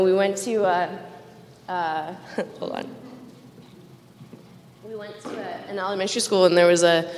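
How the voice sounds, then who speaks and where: A woman giving a candid personal recovery testimony at a roundup, self-mocking and laughing between lines, speaking into a stage microphone. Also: medium pitch. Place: large event hall. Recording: long hall reverb.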